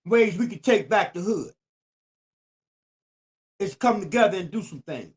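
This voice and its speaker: Sitting high in pitch, this older man's voice is animated and a little slow. He hosts a YouTube channel and preaches in AAVE through a streetwise commentary monologue, emphatic, repetitive, and preachy.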